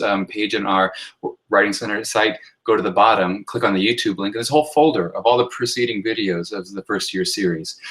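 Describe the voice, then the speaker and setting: A man's voice: on the low side, fairly bright tone, low-quality recording. A man, a writing instructor, talking through a recorded workshop lecture on sentence style in an explanatory way, often checking in with "right?" and using fillers.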